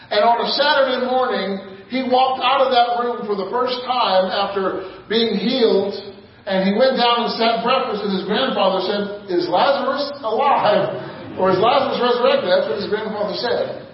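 High-voiced preacher in an echoey hall. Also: male voice. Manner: call-and-response preaching, laughing, rising to shouts. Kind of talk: sermon. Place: large church hall. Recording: echoey hall from far off, dull sound.

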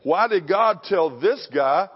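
Brief: older male preacher, fairly high voice, punchy sermon delivery, long hall reverb. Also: animated, takes it slowly, husky, lo-fi sound. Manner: punchy, alliterative, confrontational preaching. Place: church sanctuary.

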